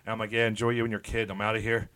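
A young man rattles through a boastful, rambling anecdote on a casual podcast. His voice sits fairly low and the words tumble out quickly. Faint noise lies under the talk. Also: level tone, fairly bright tone. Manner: rambling, boastful, laughs at own jokes. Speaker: podcast co-host. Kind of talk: casual crude storytelling.

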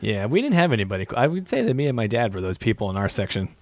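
A man co-hosting a casual sports podcast, laughing often and chiming in with quick jokes. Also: on the low side, very animated, dry recording. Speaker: podcast co-host.

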